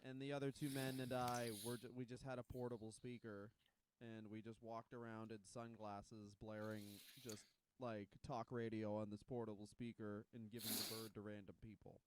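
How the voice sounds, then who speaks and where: A man's voice: fairly low pitch, level tone, normal speed, a little hiss or hum. A man in his thirties co-hosting a comedy podcast, trading dry sarcastic quips in casual chat. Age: 30s. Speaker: podcast co-host.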